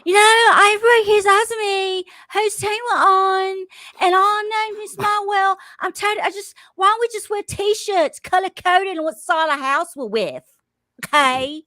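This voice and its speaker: A woman voicing an excitable female reality-show contestant in a put-on, Australian-sounding accent, in a high, exasperated rant. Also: a little slow, no room sound, full character voice.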